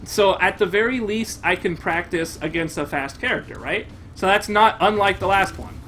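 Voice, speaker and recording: A young man streaming a game live, commenting in an excitable, profane way and bursting into shouts. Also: high-pitched, moderate pace, faint music behind.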